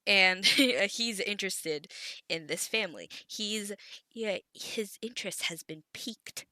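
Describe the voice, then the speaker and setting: A woman's voice: medium pitch, takes it slowly, bright, forceful tone, dry recording. A woman recapping an anime episode in casual chat, rambling with frequent giggles, stutters and restarts. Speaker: anime commentary creator.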